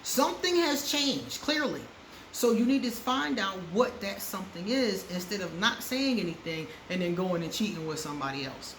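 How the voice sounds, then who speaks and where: Frank relationship advice comes from an astrology vlogger chatting casually with her viewers, often laughing and repeating words for emphasis. Her mid-range voice is a bit bright, with lively intonation at normal speed, recorded with a roomy echo and faint background noise.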